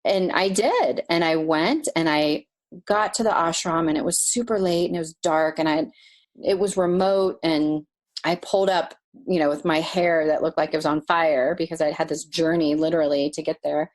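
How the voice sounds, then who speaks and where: A woman with a low voice, speaking at a normal speed, tells a personal story as a guest on a podcast interview. She is animated and emotional, laughing now and then.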